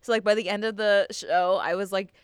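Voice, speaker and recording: A young American woman co-hosting a casual podcast, talking in a rambling, giggly way full of fillers. Her voice comes across smooth and clear. The sound is dry and close. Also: mid-range voice, fairly even intonation, fairly quick, dry recording. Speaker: podcast co-host.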